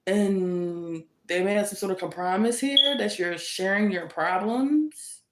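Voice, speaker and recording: Woman, tarot reader, sassy, teasing, laughs a lot, mid pitch, echoey home recording. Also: measured pace, heavy background noise. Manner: sassy and teasing, laughs often, repeats for emphasis. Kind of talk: casual tarot reading monologue. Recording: roomy echo.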